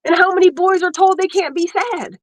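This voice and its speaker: A woman's voice: very high voice, fairly quick, dry recording, low-quality recording. A woman hosting a casual panel chat, emotional and teary, laughing between her words.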